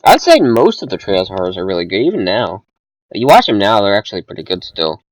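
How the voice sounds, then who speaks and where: Rambling young man with lively pitch. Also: fast talker, no echo, poor audio. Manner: rambling, lots of fillers and restarts. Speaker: podcast co-host. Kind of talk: casual movie review chat.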